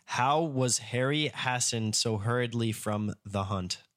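A man's voice: medium pitch, a little slow, a bit bright. A man coaching tongue twisters. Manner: coaching, reads tongue twisters aloud and prompts his partner. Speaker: podcast co-host leading the exercises. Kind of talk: casual podcast chat.

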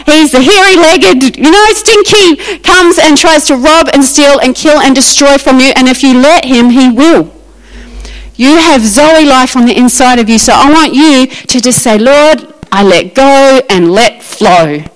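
A woman preaches with lively emphasis, her voice sitting fairly high. She acts out Bible scenes as she goes, pressing points home with repetition. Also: normal speed, low-quality recording. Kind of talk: sermon.

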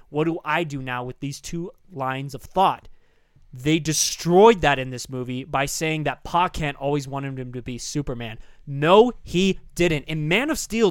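A man's voice: a little high, dry recording, studio quality. Heated, ranting male podcast host. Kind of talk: casual podcast chat.

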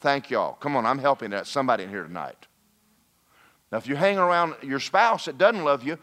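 Male pastor, folksy sermon, pitch swinging up and down, joking asides. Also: brisk. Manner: folksy, animated preaching with mock voices and asides. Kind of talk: lively sermon.

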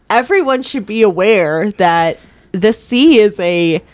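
Animated, giggly woman podcast co-host. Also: mid-range voice, slow pace, no room sound. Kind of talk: casual movie review chat.

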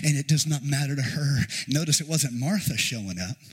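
A man preaching a sermon to a congregation in a church, with a sing-song cadence, rising shouts and folksy joking asides. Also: on the high side, animated, a little fast, slightly rough, poor audio. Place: church sanctuary before a congregation.

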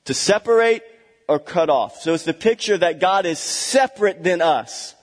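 A man's voice: high voice, expressive, normal speed, in a large hall. A man preaching a sermon as a pastor, emphatic and repeating key words for stress, with chatty asides. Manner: chatty asides with small laughs.

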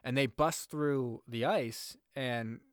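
A man talks through a movie plot in relaxed podcast chat, dropping into quick mock voices for the characters. His pitch sits in an ordinary middle range, and the recording is close and dry with no room sound. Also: clear, resonant tone, dry recording. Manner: jokey, acts out characters' lines with mock voices. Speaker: podcast co-host. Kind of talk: casual movie recap chat.

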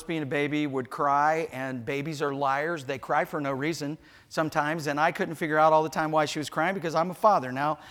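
A man in his sixties telling a funny story in a sermon, animated and jokey, acting out voices. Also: fairly high pitch. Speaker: pastor.

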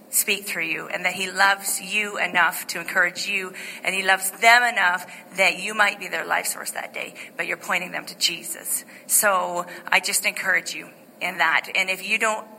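Bright-voiced woman pastor preaching in a hall. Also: mid-range voice, a little hiss or hum. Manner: chatty, animated storytelling with many fillers and restarts. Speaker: lead pastor. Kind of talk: informal sermon testimony. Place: church sanctuary.

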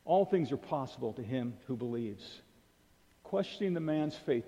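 A man preaching a sermon, animated and acting out the voices he quotes, stumbling over a word now and then. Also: on the high side, moderate pace. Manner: animated, acts out quoted voices, some repeated words. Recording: dull sound in a reverberant hall.

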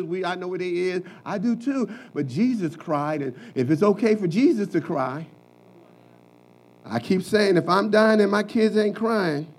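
High-voiced preacher swinging to shouts. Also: male voice, rough recording. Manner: preaching with big swings between quiet asides and shouted lines. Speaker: pastor. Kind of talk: sermon.

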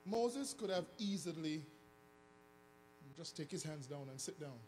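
A man preaching a sermon, swinging between sung, shouted emphasis and hushed asides. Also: on the high side, lively intonation, measured pace, slight background noise. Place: church hall. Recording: long church reverb with faint music.

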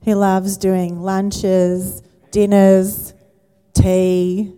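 A woman's voice: mid-range voice, completely flat delivery, drawn-out words, dark tone, clean tone. A woman pastor, giving a conversational sermon and asking the congregation questions. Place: church auditorium. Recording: church hall with long reverb.

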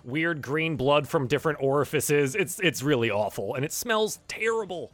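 A man's voice: on the high side, animated, moderate pace, a bit bright, dry recording. Rambling male game master, dry sound. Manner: rambling, filler-heavy, casual narration. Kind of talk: narrating a tabletop game.

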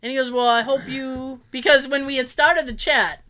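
A woman's voice: sits high, moderate pace. A woman chatting casually, telling funny stories, acting out what people said, laughing often and swearing freely. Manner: animated storyteller, acts out quotes, laughs often, swears. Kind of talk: casual chat.

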